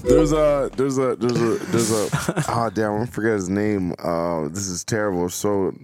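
A man co-hosting a podcast in casual banter, animated, laughing often and swearing freely. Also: fairly low pitch, a little slow. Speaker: podcast co-host.

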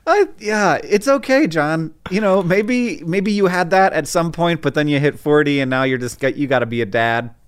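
A man co-hosting a podcast in casual chat, playful and excitable, often jumping high in pitch. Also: normal speed, hardly any pauses, clear, resonant tone. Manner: excitable, swings from high to low; playful, joking. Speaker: podcast co-host.

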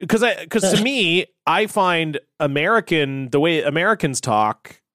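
A man co-hosting a podcast, telling stories in a rambling, animated way. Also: fairly high pitch, measured pace, no echo, clean studio sound. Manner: rambling, animated storytelling with lots of "like". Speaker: podcast co-host. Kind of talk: casual podcast chat.

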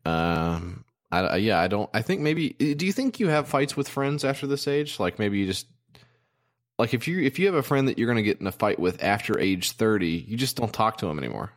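A man with a very deep, low-pitched voice chats casually as a podcast co-host. He rambles along with plenty of ums, uhs and restarts. He sounds like he's in his thirties. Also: very animated, a little fast. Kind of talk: casual chat.

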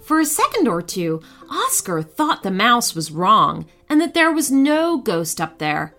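A woman narrating a children's bedtime story with expressive, animated storytelling. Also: mid-range voice, slow, faint music behind.

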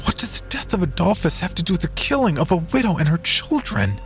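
A man voicing a crippled, one-eyed frontier settler who shouts in outrage at his own family, in a horror story reading. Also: sits high, sing-song, fast, soft background music, voice pushed up, heavily acted. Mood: indignant.

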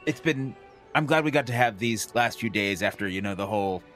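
A man playing a character in a tabletop game, speaking in an awkward, hesitant, halting way. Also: fairly low pitch, animated, fairly bright tone, faint music behind. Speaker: player. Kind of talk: in-character tabletop role-play.

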